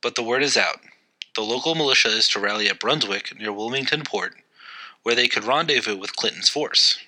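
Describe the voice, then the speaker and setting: A man's voice: medium pitch, fairly quick, sharp tone, rough recording. A man hosting a history podcast, narrating events in a loose, conversational way with occasional fillers. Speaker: podcast host.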